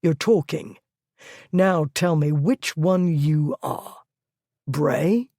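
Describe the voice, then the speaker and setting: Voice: medium pitch, very slow, mellow, no room sound, studio quality. A narrator voicing a stern nobleman, a duke who talks in a cold, clipped, threatening way. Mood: menacing.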